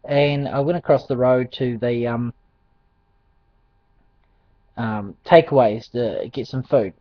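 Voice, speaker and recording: A man tells a personal faith testimony, hesitating often with ums and restarts and chuckling as he goes. His mid-pitched voice sits in a dry, close space. The recording is dull and lo-fi. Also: fairly even intonation, slow pace, dry recording. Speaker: Christian testimony speaker. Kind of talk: casual spoken testimony.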